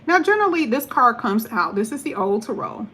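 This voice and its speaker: A woman giving a casual tarot reading to camera, talking in a chatty, blunt way with animated asides. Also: on the high side, fairly quick, slight background noise. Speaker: tarot reader.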